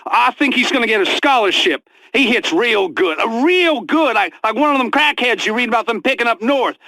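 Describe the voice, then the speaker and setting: A stammering timid redneck caller. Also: male voice, extremely high pitch, expressive, moderate pace, pushed and bright, dry recording, full character voice. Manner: stammering, hesitant. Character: timid, dim-witted redneck father calling in. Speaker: radio caller. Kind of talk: scripted radio comedy acting.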